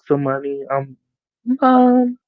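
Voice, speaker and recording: A laid-back man hosting a casual interview and cracking jokes. He speaks slowly in a fairly high voice. The audio is dull and lo-fi, with a dry, close sound. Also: big pitch swings, dry recording. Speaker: host. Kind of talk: casual chat.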